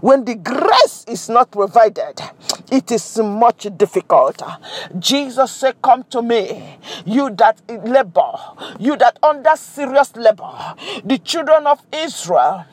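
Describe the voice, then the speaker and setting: A woman's voice: on the high side, lively intonation, slow pace, no room sound. A woman preaching a sermon with an impassioned, repetitive cadence, recorded close to the mic.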